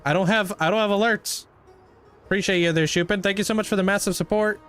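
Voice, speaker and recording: A man's voice: high voice, steady tone, fast talker, fairly bright tone, soft background music. A young man livestreaming a game, chatting casually and greeting viewers by name. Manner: laid-back, thanks and greets viewers by name. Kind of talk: casual chat with live viewers while playing.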